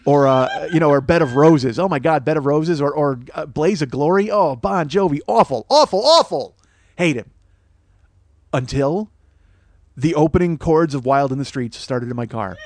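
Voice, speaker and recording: A man's voice: a little high, normal speed, darkish tone, slight background noise. A man hosting a podcast, telling a comic story in a rambling, profane, self-mocking rant. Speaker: podcast host. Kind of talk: comedic storytelling monologue.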